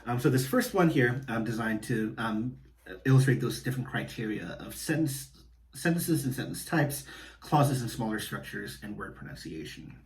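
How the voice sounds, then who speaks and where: A man who is a Latin professor, explaining an assignment in a relaxed recorded lecture with many ums. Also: medium pitch, normal speed, recorded from a distance.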